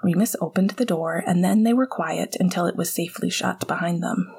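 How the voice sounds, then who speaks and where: A woman reading a story aloud in a soft, calm voice that sometimes drops to a whisper. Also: on the low side, a little fast, vocal fry, husky. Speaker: reader. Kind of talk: audiobook narration of fan fiction.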